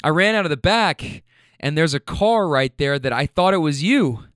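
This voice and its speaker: A man's voice: fairly high pitch, expressive, normal speed, a bit bright, clear, resonant tone, dry recording, studio quality. A winded, good-natured husband chuckles about his own mix-up, quoted by a man. He sounds breathless and amused at himself. It is an everyday voice in a casual story. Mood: sheepish. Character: out-of-breath, self-mocking middle-aged husband.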